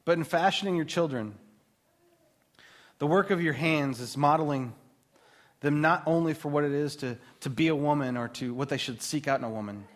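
Male pastor, 30s, chatty animated sermon delivery, slightly higher voice. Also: normal speed. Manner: conversational, animated preaching with asides.

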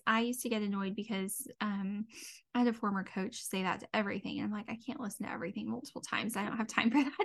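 A woman hosting a podcast as a dietitian and mindset coach, talking earnestly with lots of "um" and "you know". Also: mid-range voice. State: tearing up, near crying. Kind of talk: heartfelt solo podcast talk.

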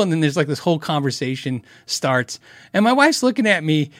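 A man's voice: fairly high pitch, big pitch swings, brisk, fairly bright tone, dry recording, clean studio sound. A middle-aged man hosting a casual live show, chatting and giggling as he rambles through stories and viewer questions. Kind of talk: casual live-stream chat.

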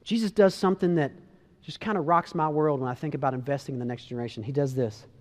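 A male pastor preaches in a casual, animated way, often restarting his sentences. His voice is notably high for a man. A long reverb of a large hall rings out behind him. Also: quick pace. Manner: conversational, animated, with repeated restarts. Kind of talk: sermon.

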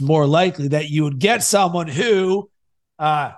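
A man hosting a podcast and coaching his guest, energetic, swinging between loud and soft to make his points. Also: on the high side, measured pace. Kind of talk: coaching conversation.

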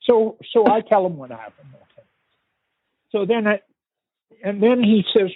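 Older Canadian man, husky storyteller, dry tinny phone-line sound. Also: sits high, animated, dry recording. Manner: unhurried, vivid storytelling with pauses and restarts. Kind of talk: recounting a family story in conversation.

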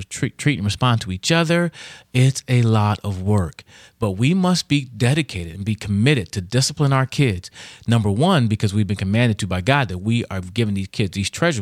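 Middle-aged male devotional speaker, earnest and conversational, lively pitch, dry room. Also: no echo. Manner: earnest and conversational, acts out kids' voices. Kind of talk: informal devotional teaching.

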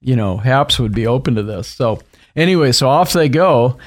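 A man's voice: mid-range voice, moderate pace. Man telling a faith story. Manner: animated retelling with acted quotes and laughs. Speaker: author and guest. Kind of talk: conversational storytelling interview.

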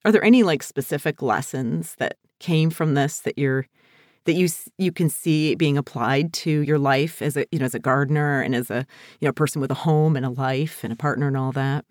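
A woman hosting a podcast, asking measured, thoughtful interview questions. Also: very deep voice, a little mellow, no room sound, studio quality. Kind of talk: interview questions and scripted outro.

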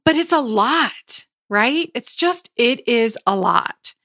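A woman's voice: a little high, expressive, slow, pushed and bright, no room sound, studio quality. A woman in her thirties hosting a podcast on her own, talking casually and emphatically with many restarts and quoted asides. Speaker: podcast host. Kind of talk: casual solo podcast talk.

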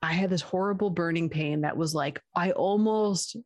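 Young woman co-host, chatty storyteller who laughs through her anecdotes; slightly low voice, dry sound. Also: normal speed, dry recording. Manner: animated, laughing, quotes others in her story. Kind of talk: casual storytelling chat.

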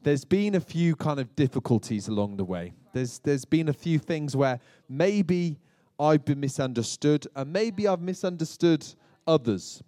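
A British pastor with a fairly high, darkish voice gives a humorous sermon, telling light stories with chatty, self-deprecating asides to his congregation. There's no room sound.

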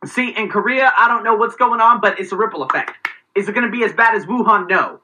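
A man's voice: high-pitched, fast talker, bright, forceful tone, slight background noise, rough recording. A man delivering a heated, profane, sarcastic vlog rant. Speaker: vlogger. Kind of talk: ranting vlog commentary.

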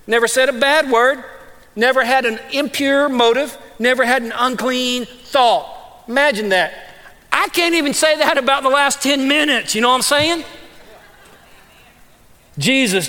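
A man's voice: extremely high pitch, pushed and bright, long reverb tail. A male pastor preaching a conversational sermon in an emphatic, repetitive, street-casual way.

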